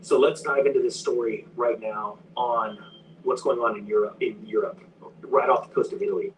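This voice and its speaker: A man's voice: on the low side, steady tone, normal speed. A man commenting online in an urgent, warning tone, reading out news with fillers. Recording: distant clip with faint background noise.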